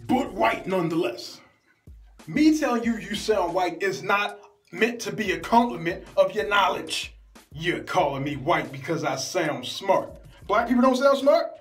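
A man's voice: high-pitched, echoey room. A young man delivers an exasperated, profane comedic rant to camera, full of rhetorical questions. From Baltimore, USA.

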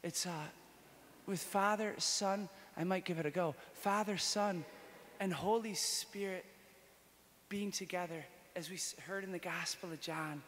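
A male priest giving a conference talk, telling a story and moving between hushed and excited, joking with the audience. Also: high-pitched, unhurried. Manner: animated, jokes with the audience, swings from hushed to excited. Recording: long hall reverb.

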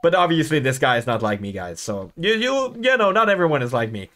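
A young man giving casual commentary over horror games, excitable and jokey, swearing a lot and shrieking when startled. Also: on the high side, a little fast. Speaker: gaming YouTuber.

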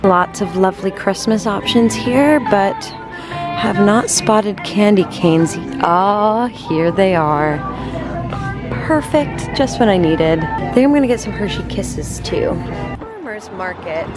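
A woman's voice: medium pitch, slow pace, over music. Chatty young woman vlogging to camera. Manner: chatty and expressive, lots of "like". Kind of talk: casual vlog chat to camera.

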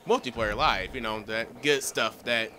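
A man giving live, excitable commentary over his own shooter gameplay, cursing and laughing as he plays. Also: mid-range voice, a little slow, a little hiss or hum. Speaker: gaming commentator. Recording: gunfire from the game behind his voice.

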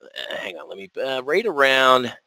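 Energetic man hosting a trading webinar. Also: medium pitch, moderate pace, no room sound, rough recording. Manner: energetic, folksy, repeats words for emphasis. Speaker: options trading webinar host. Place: resort room.

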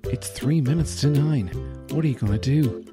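A man voicing an overeager commercial announcer, delivering punchy slogans with dramatic pauses. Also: mid-range voice, music in the background, pitched above the performer's own voice, natural voice. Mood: hyped.

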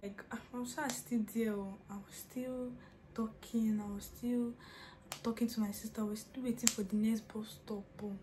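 A woman's voice: fairly high pitch, level tone, moderate pace, background noise. A young woman tells a funny personal story in a casual vlog, laughing often and dropping into whispers. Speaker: vlogger.

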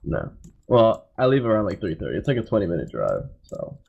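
Young dude playing games, swears a bunch, lively voice, kinda muffled lo-fi mic. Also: male voice, lowish voice, fairly quick, vocal fry, husky. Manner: relaxed, swearing, exasperated. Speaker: gamer. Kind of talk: casual gaming chat.

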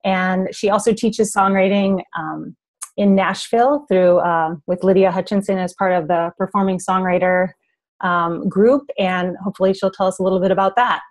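A woman hosting a songwriting podcast, reading a guest introduction in a measured way before the interview. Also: medium pitch, fairly even intonation. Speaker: podcast host.

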